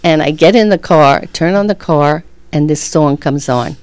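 A woman's voice: sits low, normal speed, darkish tone. A middle-aged woman earnestly telling a personal faith story, often laughing as she speaks. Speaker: guest.

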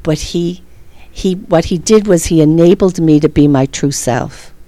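A middle-aged woman with a low, deep voice tells a personal faith story in an earnest, animated way, laughing often between thoughts. The sound is dry and close, with no room around her. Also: a little slow, no echo. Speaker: guest.

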